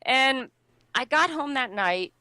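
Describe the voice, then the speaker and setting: A woman recounting a personal story with bright, forward energy. Her voice is crisp and close, with a dry, unreverberant sound. She chats freely, full of fillers and quick laughs. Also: high voice, animated, no room sound, poor audio. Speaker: interview guest. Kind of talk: casual storytelling.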